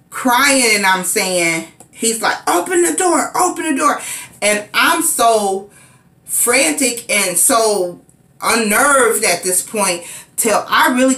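A woman recounts a frightening personal story in a slow, unhurried way, her bright voice carrying in a reverberant room. She now and then acts out frantic, high-pitched cries as she relives the scene. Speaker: vlogger. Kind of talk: casual storytelling. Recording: echoey room.

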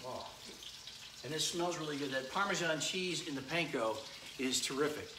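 With a fairly high voice at a moderate pace, a middle-aged cooking host chats through a casual live demo in his home kitchen, calling out viewers by name as he fries chicken. A sizzling frying pan hums faintly in the echoey room.

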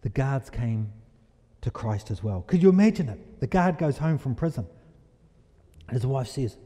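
A man preaching a sermon in a church, animated and storytelling, asking the congregation questions. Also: a little high, moderate pace. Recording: echoey hall reverb.

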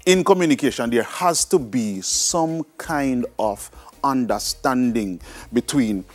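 A man's voice: medium pitch, lively intonation, takes it slowly, no room sound. A man with a Jamaican accent who teaches a lesson and explains things conversationally, often checking in with his listeners. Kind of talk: recorded classroom lecture.

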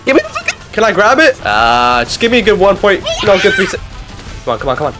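Young male gaming creator, high and very animated, excitable slangy play-by-play. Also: quick pace. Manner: loud, excitable, trash-talking, slangy. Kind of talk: excited gameplay commentary. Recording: game music underneath.

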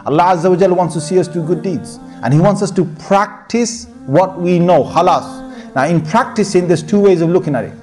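A man's voice: sits high, brisk, darkish tone, soft background music. A man giving an informal sermon as a sheikh, talking conversationally, repeating his phrases and breaking into Arabic recitation.

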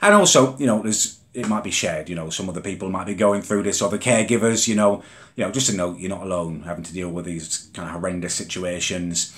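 A man's voice: low-pitched, fast. A young Englishman venting in a vlog, exasperated and indignant as he rants about his mother. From England. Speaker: vlogger. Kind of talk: comedic rant vlog.

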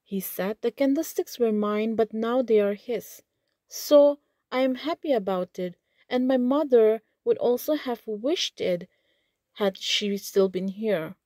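A woman with an Indian English accent, reading lines from a play and explaining them plainly, often pausing with "okay". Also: fairly high pitch, mellow, no echo, clean studio sound. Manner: reads lines then restates them in simple words, frequent "okay". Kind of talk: line-by-line literature lesson, reading and paraphrasing.

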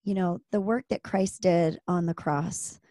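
Mellow-voiced woman hosting a faith podcast. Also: on the low side, steady tone, unhurried. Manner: warm reflective reassurance, scripture quoting. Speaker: podcast host. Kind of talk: podcast interview.

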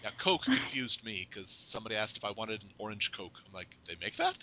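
Bright-voiced chatty American host. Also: male voice, on the low side, a little hiss or hum, rough recording. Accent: General American. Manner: chatty, playful, quick to laugh. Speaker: podcast host. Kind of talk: casual interview chat.

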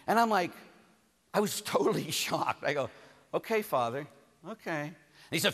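A man, a priest, giving a conference sermon and telling stories lively, acting out the people he quotes. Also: fairly high pitch, normal speed. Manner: animated storytelling, acts out the people he quotes. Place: large conference hall. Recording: hall reverb from a venue PA.

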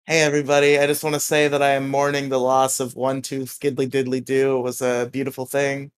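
A man's voice: medium pitch, monotone, fairly quick, clean tone. A man co-hosting a podcast, telling rambling stories with laughs and swearing. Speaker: podcast co-host. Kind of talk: casual podcast chat.

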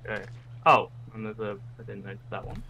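A young man playing a co-op platformer with a friend, speaking calmly and hesitantly, often stammering as he restarts sentences. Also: lowish voice, brisk, vocal fry, slight background noise, poor audio. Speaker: co-op gaming partner. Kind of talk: co-op gaming chat.

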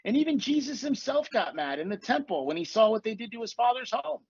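A man's voice: very high-pitched, very animated, brisk, gravelly, husky, dry recording, highs cut off. A man hosting a casual spiritual podcast, telling stories with plenty of swearing and acting out what people said. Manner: profane, storytelling, acts out quotes. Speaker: podcast host and coach.

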